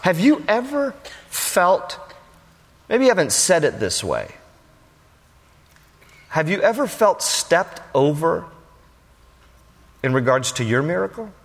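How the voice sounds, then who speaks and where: A middle-aged man preaching a sermon as pastor, telling a story in a conversational, animated way. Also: fairly high pitch, takes it slowly, vocal fry, pauses often, big-room sound. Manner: conversational, animated, acts out dialogue.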